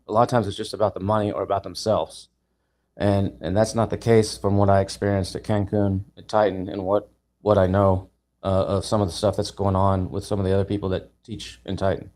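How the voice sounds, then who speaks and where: A man on a live video call, telling long stories in a casual, animated way, restarting and repeating words and acting out what people said. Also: on the low side, brisk. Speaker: guest speaker, event founder.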